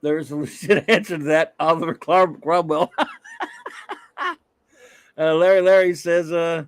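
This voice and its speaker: A man's voice: fairly high pitch, steady tone, unhurried, long pauses, smooth, no echo, poor audio. A man hosting a casual comics talk stream, chatting and reading viewer comments aloud. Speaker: comics talk show host. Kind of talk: casual livestream chat.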